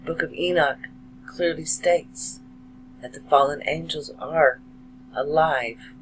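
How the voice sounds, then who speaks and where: A male video blogger with a fairly high, bright voice delivers a slow, earnest monologue to camera, emotional and heartfelt, with dramatic pauses. The recording is low-quality, with slight background noise.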